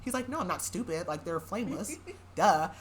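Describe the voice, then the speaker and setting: In a lowish voice with lively intonation and a moderate pace, the young woman recaps a novel on her podcast. It's a casual, chatty rundown, broken up by sarcasm and plenty of laughs.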